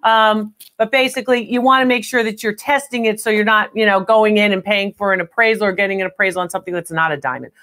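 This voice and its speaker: A woman hosting a live call-in appraisal stream, talking in a brisk, chatty, direct way. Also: medium pitch, fairly even intonation, fairly bright tone. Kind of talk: unscripted live appraisal chat.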